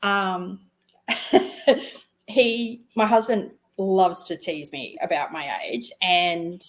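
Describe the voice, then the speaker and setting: A woman in her thirties with an Australian accent, co-hosting a casual chat in a relaxed, teasing way. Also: lowish voice, drawn-out words. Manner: relaxed, teasing, laughs often. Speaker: co-host.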